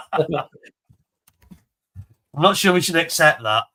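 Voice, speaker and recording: Bright-voiced chatty host. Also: male voice, fairly high pitch, lively intonation, takes it slowly. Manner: chatty, laughs often, enthusiastic. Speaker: auction host showing model kits. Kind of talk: casual live-stream chat.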